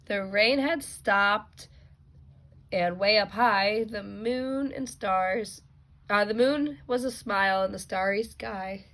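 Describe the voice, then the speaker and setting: A mother reading a bedtime picture book aloud to her children, expressive and gentle, with small asides. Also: medium pitch, slow pace. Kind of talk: storybook read-aloud.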